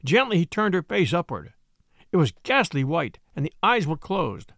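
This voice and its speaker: Lively high-voiced male storyteller. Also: moderate pace, dry recording, clean studio sound. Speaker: audiobook narrator. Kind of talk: scripted narration of a classic novel.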